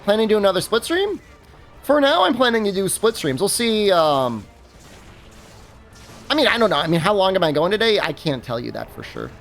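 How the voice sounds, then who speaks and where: Streamer, casual gaming chat, rambly and animated, lots of fillers, soft music underneath. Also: medium pitch, fairly quick. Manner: rambling, many fillers and restarts, laughs at own stories. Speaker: game streamer.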